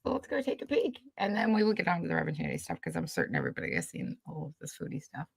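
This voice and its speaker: A woman's voice: sits low, huge pitch swings, rapid-fire, vocal fry, breathy edge, no echo. A woman hosting live-stream commentary, blunt and profane, talking with angry, sweary frustration. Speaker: YouTube commentary host.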